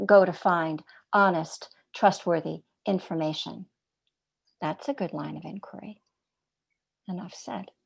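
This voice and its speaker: In a gravelly, mid-range voice, a woman teaching meditation delivers a reflective dharma talk. Her pacing is measured and her tone gentle, and she poses rhetorical questions while dropping some words to a near whisper.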